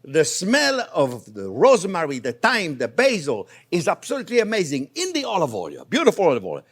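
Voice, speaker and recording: A man from Provence with a French accent, hosting a chatty, animated cooking demonstration in his kitchen and talking to viewers as friends. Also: on the high side, brisk, slightly rough. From Provence, France. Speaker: cooking show host. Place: home kitchen in Florida.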